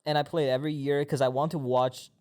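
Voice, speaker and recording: A man's voice: a little high, level tone, quick pace, a little mellow. Man repeating himself in casual chat. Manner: repeats words, restarts often. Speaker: guest.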